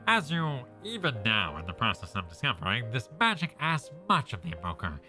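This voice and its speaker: A man voicing a calm, scholarly, witch-like mage in a measured, formal way. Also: mid-range voice, music in the background.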